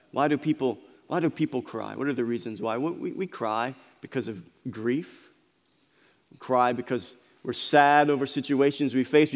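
A man preaching a sermon as pastor, asking the congregation questions and often repeating his words. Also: medium pitch. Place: church hall. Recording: long hall reverb.

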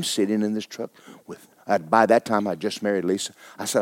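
A middle-aged man preaching a sermon as pastor, telling a personal story with stammering restarts and sudden swings between hushed and loud. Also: fairly low pitch, steady tone, brisk, dry recording.

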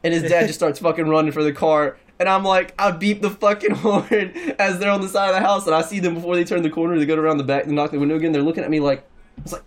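A man's voice: high-pitched, steady tone, fast. A young man telling a long story in casual chat, rambling, laughing and swearing a lot.

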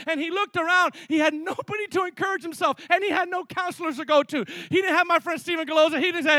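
A male pastor preaching a sermon with energy, mixing sudden loud emphasis with quick asides. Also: extremely high pitch, no echo.

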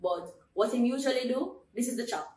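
A young woman co-hosting a podcast in casual chat, lively and laughing, quoting her family. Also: fairly high pitch, fairly quick, recorded from a distance. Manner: lively, laughs often, quotes family members. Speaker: podcast co-host. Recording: roomy echo, away from the mic, faint background noise.

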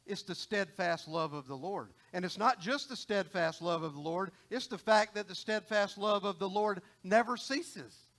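A man's voice: high-pitched, moderate pace, few pauses, a bit bright. A middle-aged man preaching a sermon in a folksy, conversational way, often repeating and restarting phrases.

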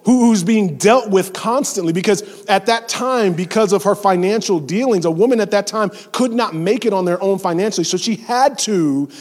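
A man delivers a sermon in a lively, conversational manner, dropping into quick voiced asides and then rising to sudden loud emphasis. His voice sits a little high for a man. The sound carries a long reverb, as if from a large hall. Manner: animated, conversational preaching with playful voiced asides. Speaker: preacher.

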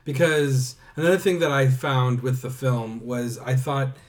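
A man's voice: mid-range voice, fairly even intonation, a little slow. A man co-hosting a podcast in casual chat, talkative, laughing often and dropping sarcastic asides. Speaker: podcast co-host.

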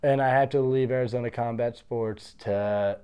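A professional fighter from Pennsylvania tells stories from his career in a relaxed way, with a clear, resonant, mid-range male voice at a moderate pace. He's animated and acts out what other people said to him.

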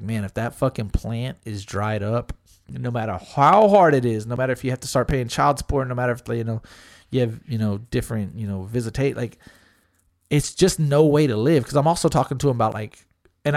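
A man's voice: mid-range voice, a little fast, vocal fry, darkish tone, dry recording, clean studio sound. Profane, chatty man telling a story. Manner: loose and profane, lots of fillers, quotes friends and family. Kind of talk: casual storytelling chat.

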